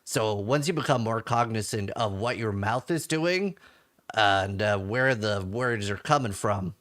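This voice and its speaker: A man's voice: lowish voice, expressive, a little slow, a bit bright. A man from Norway, a game streamer, chatting casually and reading his chat aloud with offhand swearing.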